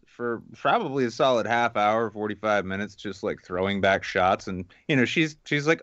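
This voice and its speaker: A man co-hosting a podcast, telling a rambling story in relaxed casual chat. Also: lowish voice, normal speed, hardly any pauses, no echo, lo-fi sound.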